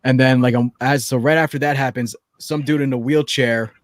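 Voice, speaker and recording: A man co-hosting a casual chat, telling lively stories and acting out the people in them. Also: medium pitch, brisk, no echo. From New Jersey. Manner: animated storyteller, acts out quotes, laughs a lot. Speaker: podcast co-host.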